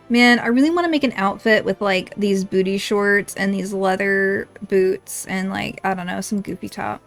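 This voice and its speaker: A woman streaming a game, reacting in excitable, foul-mouthed casual commentary. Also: medium pitch, normal speed, few pauses, faint music behind. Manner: excitable, swearing, laughing reactions.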